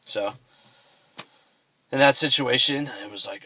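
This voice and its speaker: A man's voice: lowish voice, slow, sharp tone, dry recording, poor audio. A young man vlogging, telling a personal story in a rambling, self-correcting way and swearing casually.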